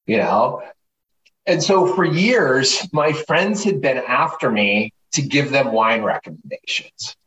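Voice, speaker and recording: Animated man in a roomy distant recording. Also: medium pitch, slow pace. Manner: animated, profane, acts out quoted voices. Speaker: guest, wine writer. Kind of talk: casual storytelling interview. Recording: roomy, distant mic, faint noise.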